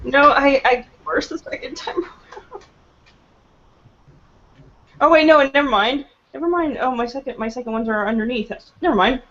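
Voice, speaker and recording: A woman's voice: high voice, moderate pace, long pauses, fairly bright tone. A woman playing a tabletop role-playing game, talking nervously, swearing and laughing between rolls, on a dull lo-fi recording. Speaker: player. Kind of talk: casual tabletop game play.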